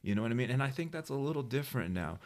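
A man's voice: medium pitch, rapid-fire. A man from New Mexico, co-hosting a podcast, telling a childhood story in casual chat and acting out the people in it. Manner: animated storyteller acting out quoted voices. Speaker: podcast co-host.

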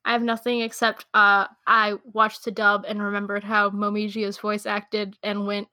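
A young woman co-hosting a casual chat, talking in quick asides and laughing often. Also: mid-range voice, completely flat delivery, bright, forceful tone, no echo. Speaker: podcast co-host. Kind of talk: casual chat about anime.

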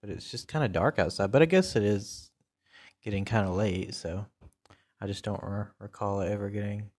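Male podcast host with a lowish voice; relaxed, rambling solo chat full of ums and uhs. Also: normal speed. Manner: rambling and laid-back, with many fillers.

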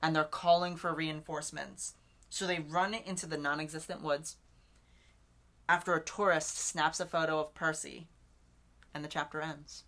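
A woman with a bright, forceful voice and a fairly low pitch talks through a story in a casual podcast chat. She recaps the plot loosely, leaning on "like" and "literally" as she goes. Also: fairly even intonation, normal speed. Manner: chatty recap, filled with "like" and "literally". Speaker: podcast co-host. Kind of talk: casual book discussion.

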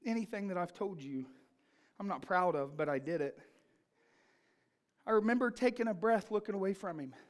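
A woman's voice: medium pitch, expressive, normal speed, pauses often. A woman preaching a sermon, telling a personal story in an emphatic, fervent manner.

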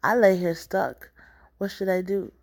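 A woman's voice: mid-range voice, measured pace. A woman, the author, reading her own book aloud in an intense, poetic, rhythmic spoken-word style.

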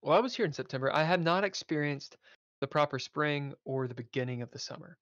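A man's voice: a little high, fairly quick, a bit bright, dry recording. A man, a podcast guest, telling a casual road-trip story with swearing and laughter. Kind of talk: casual chat. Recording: dull lo-fi audio.

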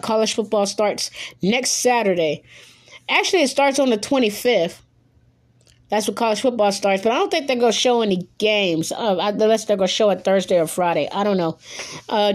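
A woman hosting her own podcast in casual solo chat, rambling and correcting herself, a little nervous. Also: medium pitch. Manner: rambling, self-correcting, hurried plugs. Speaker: podcast host.

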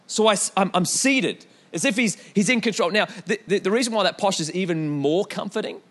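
A young pastor preaches a sermon with animated energy, repeatedly calling out to the congregation and drifting into storytelling asides. His voice is high-pitched and a little fast.

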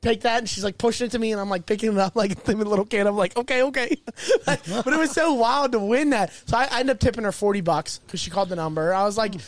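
A man's voice: high-pitched, expressive, fast, few pauses, dry recording. A man hosting a casual podcast chat, telling a long story and swearing freely as he goes. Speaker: podcast host.

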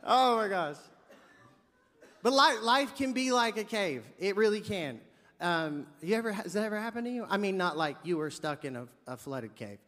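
Animated preacher man in a reverberant hall. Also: sits high, normal speed. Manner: animated, jokey storyteller acting out dialogue. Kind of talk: sermon with comic storytelling.

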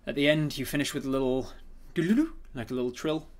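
A man's voice: mid-range voice, fairly even intonation, quick pace. A man narrating as game master of a tabletop game, hesitant, with many fillers and restarts.

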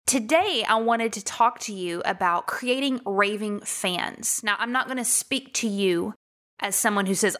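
A woman with a Texan accent hosting a solo podcast, talking to her listeners in an energetic, emphatic, casual way. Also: medium pitch. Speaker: podcast host.

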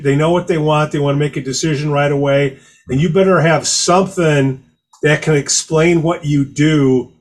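A man who calls himself an old-school salesman, asking a direct, brisk question. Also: fairly high pitch. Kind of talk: casual conversation.

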